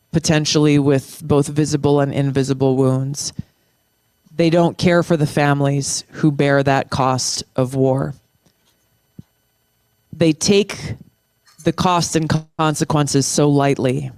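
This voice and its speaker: A middle-aged military veteran and former state lawmaker, a guest speaking earnestly in an interview, impassioned and slowing down for emphasis. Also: mid-range voice, a little mellow, smooth, no echo, studio quality. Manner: impassioned, restarts phrases, slows down for emphasis.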